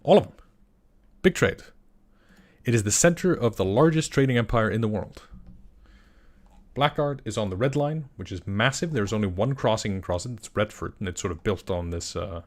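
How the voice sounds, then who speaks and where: A young man from Iceland, a game master chatting casually on a livestream, rambling and excitable with many restarts. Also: on the low side, moderate pace. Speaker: game master and channel creator. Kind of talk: casual livestream chat answering questions.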